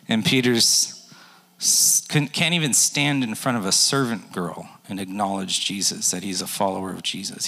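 A man's voice: on the low side, pushed and bright. Conversational preacher in his forties, echoing hall. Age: 40s. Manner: conversational, jokey, acts out quotes. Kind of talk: sermon. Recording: long echo of a large hall.

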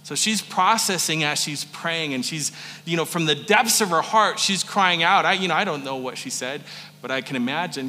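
A male pastor preaching a sermon in a conversational manner, moving from joking asides to hushed earnestness. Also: a little high, normal speed, big-room sound.

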